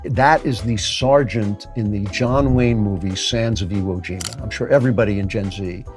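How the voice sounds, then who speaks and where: A man's voice: fairly low pitch, moderate pace, faint music behind. A man in his late seventies hosting a comedic talk segment, dry and sarcastic, muttering asides as he guesses. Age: 70s. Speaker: show host.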